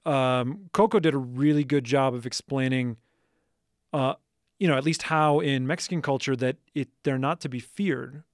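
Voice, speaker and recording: A man's voice: mid-range voice, normal speed, dry recording, studio quality. A man from suburban Wisconsin co-hosting a casual chat, hesitant and rambling, often restarting and trailing off. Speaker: podcast co-host.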